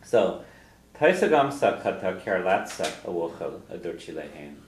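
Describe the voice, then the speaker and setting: Deep-voiced man teaching a language class. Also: big pitch swings, normal speed. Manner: patient, repeats phrases, chuckles often. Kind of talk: classroom lesson, explaining phrases. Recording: roomy classroom echo, faint noise.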